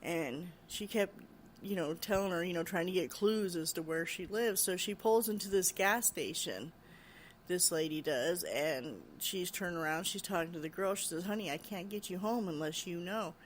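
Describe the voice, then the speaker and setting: A podcast host retelling a spooky story in loose, chatty fashion, leaning on fillers and acting out the people in it. The voice sits at a middling pitch. Faint noise hums behind it. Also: normal speed. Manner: chatty storytelling, frequent "she's like" and "you know"; animated when quoting others, raising voice. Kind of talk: casual retelling of a ghost story.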